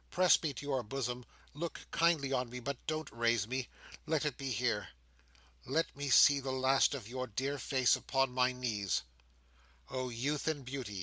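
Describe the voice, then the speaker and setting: A man's voice: mid-range voice, bright, forceful tone, dry recording, poor audio. A man reading an audiobook, voicing a fallen young woman who pleads with tremulous grief.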